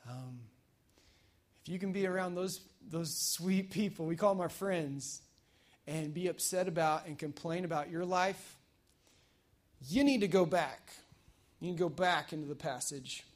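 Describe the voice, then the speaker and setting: A man preaching a casual, energetic sermon at a church service, telling stories in a chatty way with fillers. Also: a little high, unhurried, pauses often. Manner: energetic, conversational storytelling with fillers. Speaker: pastor.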